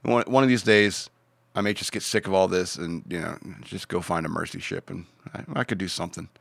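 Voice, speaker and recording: A man's voice: sits low, steady tone, a little fast, vocal fry, a bit bright, no echo. A man hosting a podcast, reading out odd news stories in a rambling, joking way with many fillers. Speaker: podcast host.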